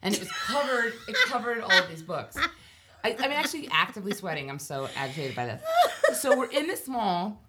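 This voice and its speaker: A woman's voice: medium pitch, sing-song, a little fast, very noisy. Rambling woman telling a story. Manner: rambling, self-deprecating, laughs while telling. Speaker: podcast guest storyteller. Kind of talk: casual chat storytelling.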